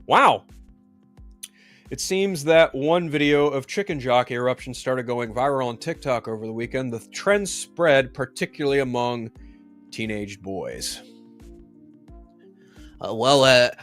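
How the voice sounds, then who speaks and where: A man's voice: mid-range voice, unhurried, pauses often, fairly bright tone, no echo, soft background music. A man hosting a commentary show, ranting heatedly and swearing often.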